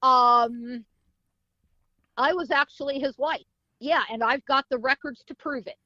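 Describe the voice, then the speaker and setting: A woman's voice: high-pitched, measured pace, sharp tone, dry recording, lo-fi sound. A woman guest, a psychic medium, telling a story vividly in an interview, acting out sounds and voices. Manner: vivid storytelling with sound effects and acted quotes.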